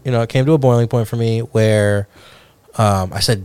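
A man's voice: fairly low pitch, moderate pace, a little mellow, clear, resonant tone, no echo. A man co-hosting a casual podcast chat, rambling with lots of fillers and slang. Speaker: podcast co-host. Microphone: headphones.

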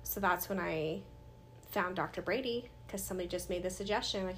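Speaking fast in a lowish, gravelly voice over a little hiss or hum, a woman in her thirties shares her life story as a podcast guest. The interview is casual, and she animatedly performs past conversations, voicing what others told her.

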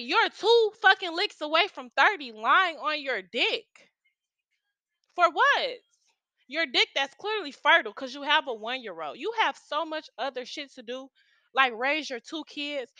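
A woman's voice: sits high, sharp tone, dry recording. A woman in her twenties tells a story to her viewers, heated and profane, talking straight at them. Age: 20s. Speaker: vlogger telling a story. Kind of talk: casual storytime rant.

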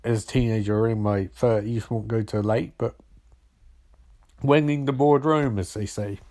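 A man's voice: on the low side, fairly even intonation, moderate pace, mellow. Wry, rambling man. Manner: rambling, wry and sarcastic, with frequent swearing. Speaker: film reviewer. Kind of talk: casual spoken film recap.

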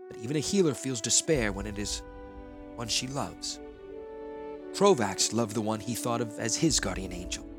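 A man narrating a fantasy audiobook in a solemn, measured manner. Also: lowish voice.

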